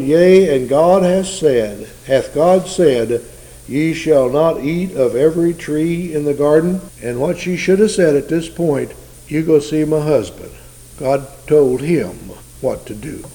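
Man preaching a folksy, mellow sermon. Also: on the high side, a little slow, low-quality recording. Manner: folksy, conversational Bible teaching with rhetorical questions.

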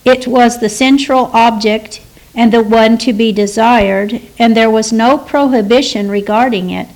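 A woman giving a measured, deliberate reading of a devotional commentary. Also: a little high, steady tone, darkish tone, rough recording. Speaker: reader.

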